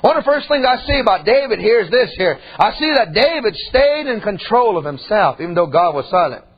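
Husky high-voiced folksy preacher man. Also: very animated, brisk, muffled recording. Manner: folksy, conversational preaching with frequent "man" and "amen". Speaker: pastor. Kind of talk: sermon.

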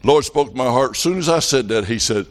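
A middle-aged man with a Southern US accent preaching a revival sermon, telling folksy stories and building up to fervent shouts. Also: medium pitch, animated, quick pace.

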